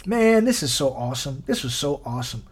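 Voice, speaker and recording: A man's voice: medium pitch, sing-song, fairly quick, slightly rough. A man preaching a sermon on his podcast, exhorting his listeners with repeated questions and emphatic peaks.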